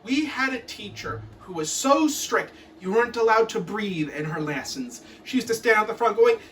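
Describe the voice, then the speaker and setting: A woman's voice: mid-range voice, expressive, moderate pace, fairly bright tone, recorded from a distance, a little hiss or hum. A woman performing a comic recital of poems in a mock-stern, theatrical teacher's tone.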